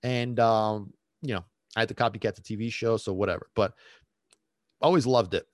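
A man's voice: lowish voice, steady tone, normal speed, dry recording, studio quality. A man, a dog trainer, casually telling a rambling personal story with many restarts and fillers.

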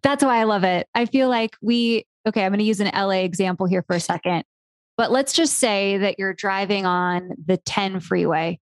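Woman podcast host, mid-pitched and lively, jokey analogies, dry close sound. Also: normal speed, no echo. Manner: animated storyteller, playful analogies, mild swearing. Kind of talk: casual interview chat.

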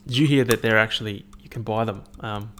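A man's voice: lowish voice, steady tone, a little fast, very noisy. A young man, hosting a casual solo rant, swearing often and rambling animatedly between stories.

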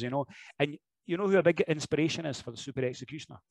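A man's voice: a little high, fast, vocal fry, no echo, poor audio. A man with a Scottish accent, a wrestler chatting as a podcast guest, telling jokey stories with lots of energy. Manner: animated, jokey storyteller who slips into impressions and laughs. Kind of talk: casual podcast interview chat.

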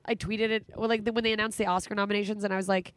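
A woman's voice: mid-range voice, level tone, racing, clear, resonant tone, no room sound. A woman in her thirties hosting a podcast, talking candidly and emotionally in casual chat, swearing often. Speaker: podcast host.

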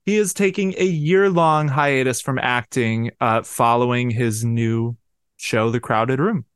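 A man's voice: medium pitch, unhurried, fairly bright tone, clean tone, dry recording, clean studio sound. A man co-hosting a pop culture podcast, talking in an easygoing, enthusiastic way with frequent filler ums. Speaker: podcast co-host. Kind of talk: casual chat.

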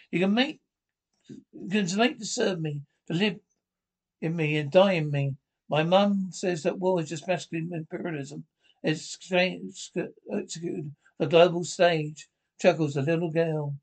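Male reader, slightly high voice, reads each line of a drama straight and calls out the sound cues and who is speaking in between. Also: measured pace, darkish tone.

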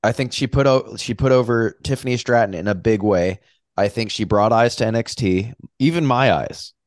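A man's voice: mid-range voice, normal speed, no room sound, studio quality. A man co-hosting a wrestling podcast, giving rambling, opinionated takes with casual swearing. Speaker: podcast co-host.

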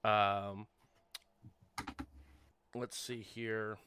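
Wry low-voiced game-master man. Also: level tone, drawn-out words, bright, forceful tone, slight background noise. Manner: wry, chatty, many ums and uhs. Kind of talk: casual tabletop game hosting.

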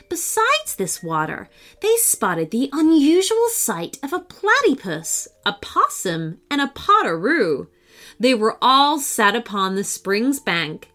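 A woman's voice: a little high, a bit bright. A woman narrating a children's storybook, reading alliterative animal lists in a sing-song way.

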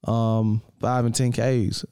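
Young male podcast co-host, relaxed chatty delivery, warm low-key tone, dry sound. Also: slow, clear, resonant tone, dry recording. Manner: laid-back, laughs often, says man and bro a lot. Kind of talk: casual chat.

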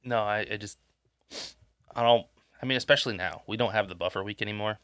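A low-pitched man with a bright, sharp edge to his voice, talking through a podcast mic while sick and congested. He rambles in casual chat, swears freely and loses track of his point, and the sound is dry and close. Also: quick pace, no room sound. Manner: rambling, profane, loses his train of thought. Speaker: podcast co-host. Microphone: podcast microphone.

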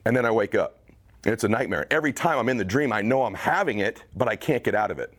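An American motivational speaker in his forties gives an intense speech to a college team, building to emphatic urging. His voice sits on the low side with a fairly bright tone, and he talks fast and animatedly.

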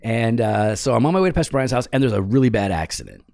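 A middle-aged man, a pastor, tells a story in a casual chat, animated and quick to get worked up. He talks at a rapid clip, and the recording is close and dry. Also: mid-range voice, creaky, no echo. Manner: animated, rising to exasperated outbursts. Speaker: pastor and podcast co-host.

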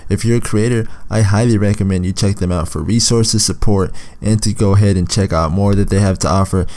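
A man hosting a podcast in a relaxed, chatty way, with a lot of fillers and a slightly rough morning voice. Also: fairly low pitch, fairly quick, dry recording. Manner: laid-back, chatty with many fillers. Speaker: podcast host. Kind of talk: casual interview chat.

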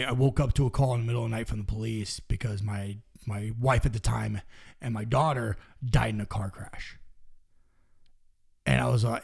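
A man's voice: medium pitch, creaky. A young man, a professional wrestler, telling stories in casual, profane talk that drops to near-whispers. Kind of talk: casual storytelling.

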